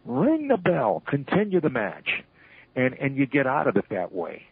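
An older man, a retired wrestling referee, telling animated stories in an interview and acting out the lines he quotes. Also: mid-range voice, normal speed, creaky, husky. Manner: animated storyteller who acts out shouted quotes. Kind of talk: storytelling interview. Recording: tinny phone line.

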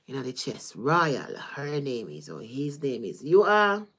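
A woman's voice: a bass voice, wildly swooping pitch, measured pace, fairly bright tone, slightly rough. A woman with a Caribbean accent giving a casual tarot reading on a livestream, chatty and often laughing. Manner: chatty, laughing, drifting between topics. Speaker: tarot reader.

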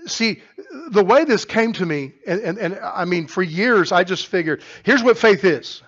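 A middle-aged man, the pastor, preaching a sermon loudly and emphatically, often restarting his sentences. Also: high voice, animated, moderate pace, muffled recording. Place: church sanctuary.

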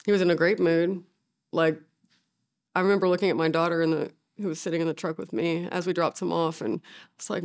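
A middle-aged woman, a bereaved mother, speaking haltingly with many fillers in a documentary interview. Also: fairly low pitch, fairly even intonation, a little mellow.

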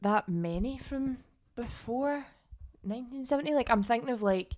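A woman's voice: on the high side, normal speed, a little mellow. A young woman co-hosting a podcast, chatting casually and often trailing off with "I don't know". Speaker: podcast co-host. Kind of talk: casual chat.

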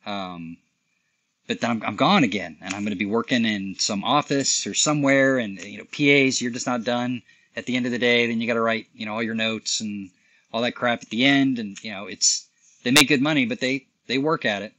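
A man in his forties, a podcast guest, talking in a relaxed, rambling, self-deprecating way. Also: medium pitch, a little fast. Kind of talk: casual interview chat.

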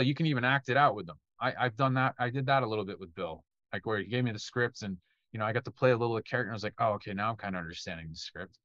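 A man's voice: mid-range voice, a bit bright, dry recording. Guy composer chatting loose, cusses a bit, plays out what directors say, dry dull-ish sound. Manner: loose and conversational, swears, acts out quoted directors. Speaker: film composer answering student questions. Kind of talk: casual Q&A talk.

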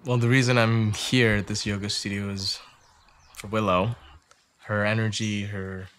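A man giving a halting, earnest mock interview in a comedy sketch. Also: lowish voice, level tone, a bit bright, a little hiss or hum.

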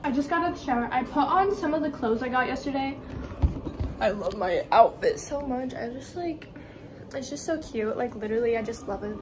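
A young woman chatting casually in a vlog, full of fillers and swearing, slipping into whispers then growing loud and excited. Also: a little high, brisk, background noise. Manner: heavy filler and frequent swearing. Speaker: vlogger. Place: at home and outdoors.

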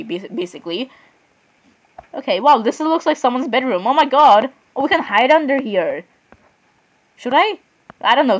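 A woman's voice: fairly high pitch, rough recording. Chatty young woman narrating her gameplay. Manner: chatty, excitable, keeps saying "I'm sorry" and "literally". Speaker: gamer. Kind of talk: casual gameplay commentary.

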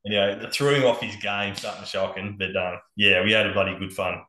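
A man's voice: fairly low pitch, fairly even intonation, a little fast, bright, forceful tone, reverberant, slight background noise, poor audio. An Australian man telling hunting-camp stories as a podcast guest, laid-back and swearing freely. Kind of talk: casual storytelling on a podcast.

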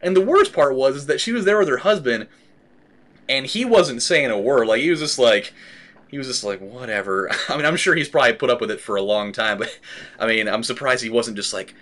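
A man giving casual gaming commentary. He rambles, swears, fills every pause with "like" and "dude", and shouts at the game when it goes wrong. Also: medium pitch. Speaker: let's play host.

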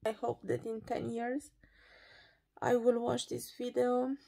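A woman in her thirties, a radio presenter, talking frankly and loudly in a personal vlog; English is not her first language. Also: on the high side, flat delivery, takes it slowly, gravelly, dry recording. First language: Romanian. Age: 30s. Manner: loud, emphatic and frank.

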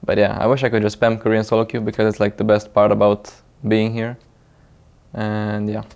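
A man's voice: lowish voice, monotone, a little fast, gravelly, a little mellow, clean tone, highs cut off. A man, an esports team player, speaking easygoing and matter-of-fact in a documentary interview.

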